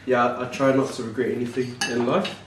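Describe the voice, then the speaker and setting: A man co-hosting a casual mukbang vlog, talking in a relaxed, hesitant way with many ums. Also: mid-range voice, a little fast, echoey room, recorded from a distance, slight background noise, low-quality recording. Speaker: vlog co-host.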